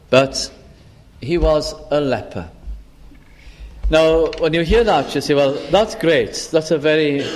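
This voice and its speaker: Man, preacher, sermon, slow and deliberate, slightly high voice, repeats phrases.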